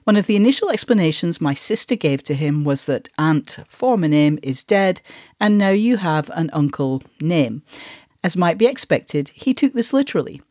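A woman podcast host reading a listener's letter aloud with expressive delivery. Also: lowish voice, moderate pace, dry recording, studio quality.

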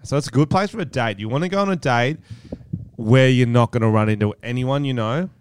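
A man's voice: medium pitch, brisk, clean tone, no room sound. A young Australian man co-hosting a podcast, bantering playfully in casual chat. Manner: playful, banter, guessing jokes. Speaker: podcast co-host.

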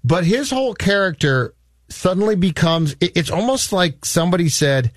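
A man's voice: high-pitched, expressive, moderate pace, no echo, studio quality. Rambling man in a movie chat. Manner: rambling, explains with restarts and asides. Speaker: podcast cohost. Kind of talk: casual movie review chat.

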